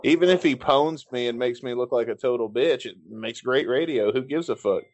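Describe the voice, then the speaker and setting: A man's voice: medium pitch, brisk. Profane, rambling male podcast host. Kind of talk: casual chat.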